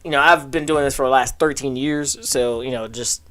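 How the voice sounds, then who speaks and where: A man's voice: medium pitch, steady tone, brisk, a bit bright. A man hosting a casual live stream as a comic artist. He gives feedback in a rambling way, filling his talk with "you know" and "like". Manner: laughs often while reading.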